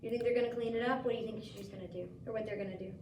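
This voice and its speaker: Woman teacher, read-aloud with questions, slightly high voice, distant mic in an echoey room. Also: very fast, noisy background. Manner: gentle questioning, lively story voices. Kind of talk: reading a picture book aloud to a child. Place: school room.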